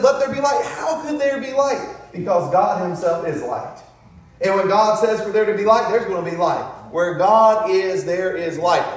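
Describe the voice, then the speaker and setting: High-pitched guy preaching in a big echoey church, sounds far off from the mic. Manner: call-and-response preaching, rhetorical tag questions; drawn-out emphatic words. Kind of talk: sermon. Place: church sanctuary.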